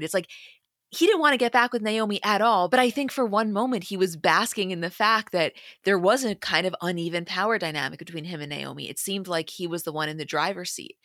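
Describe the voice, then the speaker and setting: A woman's voice: mid-range voice, a bit bright, dry recording, studio quality. A woman co-hosting a podcast, casually and analytically talking through a reality show, thinking aloud with fillers. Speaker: podcast co-host.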